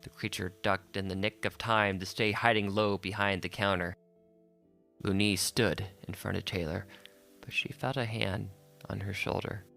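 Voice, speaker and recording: A man narrating an audiobook in a measured, unhurried storytelling manner. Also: on the low side, fairly even intonation, creaky, bright, forceful tone, faint music behind.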